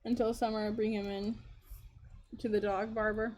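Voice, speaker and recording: A woman's voice: medium pitch, level tone, normal speed, darkish tone. A young woman co-hosting a game stream, chatting casually and rambling with frequent laughter. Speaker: streamer co-host. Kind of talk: casual chat while playing a game. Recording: noticeable background noise.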